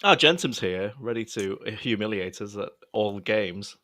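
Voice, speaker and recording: A man's voice: fairly low pitch, animated, measured pace, bright, forceful tone. A man co-hosting a live stream, trading quips and laughing often. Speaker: co-host. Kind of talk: casual live-stream chat.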